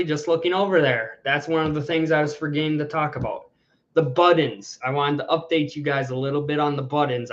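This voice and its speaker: A man's voice: medium pitch, a bit bright. A man hosting a casual livestream chat, rambling and restarting his sentences as he talks from home. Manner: rambling, restarts and repeats words. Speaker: livestream host. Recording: dull lo-fi sound.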